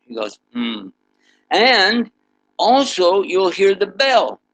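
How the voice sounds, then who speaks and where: A man's voice: sits high, slow, poor audio. A man preaching to students through an interactive story, leading them in sound effects and asking them questions. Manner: animated, leads the audience in sound effects; asks the audience questions. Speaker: Islamic preacher teaching students.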